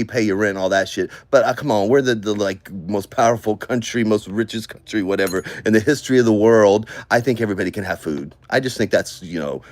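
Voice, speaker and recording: Low-voiced man rambling through comments. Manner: muttering to himself, then ranting loudly. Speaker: online commentary vlogger. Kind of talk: rambling casual commentary while scrolling comments.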